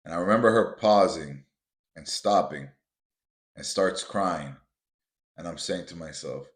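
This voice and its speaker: A low-voiced man hosts a podcast and tells a motivational story from his own life. He talks casually to his listeners and calls them guys. He builds to emphatic, repeated points, and the room around him echoes. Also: a little slow, pauses often. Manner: builds to emphatic, repetitive punches. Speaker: podcast host. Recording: roomy echo.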